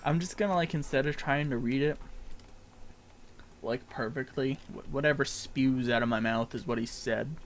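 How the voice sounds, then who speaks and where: A man's voice: medium pitch, normal speed, slight background noise. A young man streaming a game, chatting casually with lots of fillers and laughs. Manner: rambling, filler-heavy, laughs often. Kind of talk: casual gameplay commentary.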